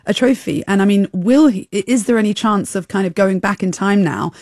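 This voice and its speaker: Female studio guest, chatty and musing, mid-pitched, dry sound. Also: a little fast, darkish tone, no room sound. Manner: chatty, musing, hedging with fillers. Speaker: studio guest, football fan. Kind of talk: radio discussion.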